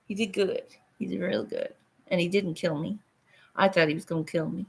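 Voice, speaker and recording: A woman's voice: lowish voice, steady tone, normal speed, creaky, husky. A middle-aged woman hosting a casual livestream from her phone, rambling, swearing casually and laughing often. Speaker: livestream host.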